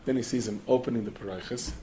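A man telling a Torah story in the manner of a sermon, animated and studded with Yiddish and Hebrew terms, acting out the characters. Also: mid-range voice, fast talker, slight background noise.

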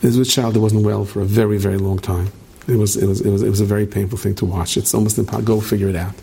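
A middle-aged man gives a late-night Torah lecture, his voice low and dark. He rambles through stories, restarts sentences often and throws questions to his students. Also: flat delivery, racing, gravelly, breathy edge. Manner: rambling storyteller, many restarts, asks the room questions. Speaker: rabbi teaching a class.

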